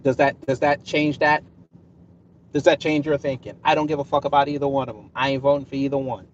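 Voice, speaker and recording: A man's voice: medium pitch, level tone, a little fast, distant mic, dull audio, slight background noise. A man hosting a casual live stream, talking straight to his chat in a combative, sarcastic way. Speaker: livestream host.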